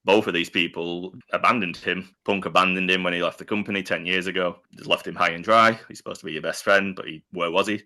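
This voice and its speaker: Deep-voiced man with a bright, forceful tone. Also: fast talker, few pauses. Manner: rambling, animated retelling with many restarts. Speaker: podcast co-host. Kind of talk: casual wrestling podcast chat.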